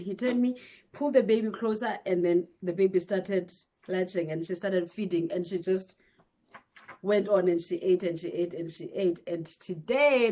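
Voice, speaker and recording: A young woman, telling a personal story to camera in a casual, animated way. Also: mid-range voice. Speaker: vlogger.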